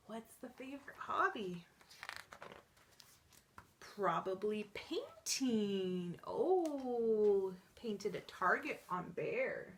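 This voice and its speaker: Lively, slow-paced storytime librarian woman. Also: fairly high pitch. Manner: animated sing-song delivery, with gasps and counting along. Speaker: children's librarian. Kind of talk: reading picture books aloud to young children.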